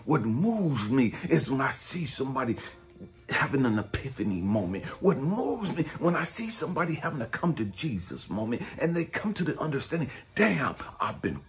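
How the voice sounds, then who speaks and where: Blunt, profane preaching man with a lively pitch. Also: a little fast. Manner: blunt and profane, swinging between low muttering and high shouting. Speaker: spiritual coach and speaker. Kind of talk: profane street-style preaching monologue.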